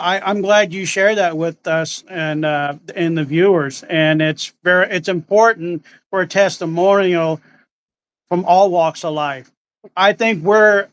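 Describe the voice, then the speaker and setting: A man hosting the talk, answering slowly and reflectively about faith. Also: high-pitched, fairly bright tone, clear, resonant tone. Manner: slow, halting, reflective. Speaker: host. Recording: slightly muffled lo-fi sound.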